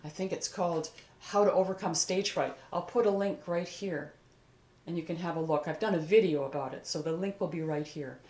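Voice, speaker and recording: An older woman, a vocal coach, giving a calm, encouraging singing lesson on video and talking through an exercise as she moves. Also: on the low side, a little fast. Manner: calm, encouraging, demonstrates while moving. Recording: echoey room.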